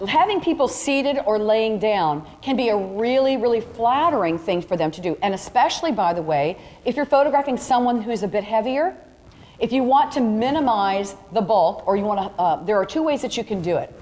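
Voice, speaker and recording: A woman's voice: on the high side, lively intonation, moderate pace, darkish tone. A woman teaching a photography workshop to a live audience, chatty and direct, walking students through demonstrations. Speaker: photography instructor. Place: large room with a live audience. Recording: reverberant hall, faint ambient noise.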